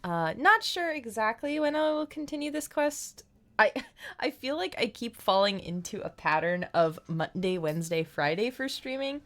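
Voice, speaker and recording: A woman streaming a game and chatting casually, bubbly and gushing with frequent giggles. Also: on the high side. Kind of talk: casual live-stream chat.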